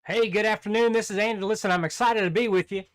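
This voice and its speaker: An older man giving a casual devotional talk, relaxed and conversational, often restarting his sentences. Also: high voice, fast, soft background music. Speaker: Christian devotional speaker.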